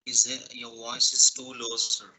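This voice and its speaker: Man, online lecture, laptop mic, flat delivery, bright tense tone, polite. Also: medium pitch, normal speed, low-quality recording. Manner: polite, checks often whether he is heard. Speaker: teacher. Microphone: laptop microphone on a video call.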